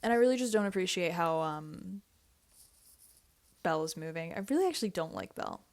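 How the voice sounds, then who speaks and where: A woman's voice: lowish voice, animated, a little fast, darkish tone. A woman vlogger giving a blunt, opinionated reality TV recap, repeating herself and swearing in casual slang.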